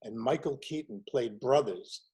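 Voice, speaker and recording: A husky-voiced man in his sixties swaps show business stories with animated energy. His pitch sits in an ordinary middle range, and he keeps breaking into other voices to act out the people he quotes. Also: measured pace, poor audio. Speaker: guest, warm-up comedian. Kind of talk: casual storytelling chat.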